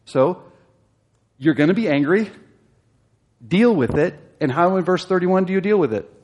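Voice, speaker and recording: A man's voice: sits high, animated, normal speed, a little mellow, dull audio. Man teaching a Bible study class. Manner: explanatory, rising emphatic when exhorting, asks the class questions.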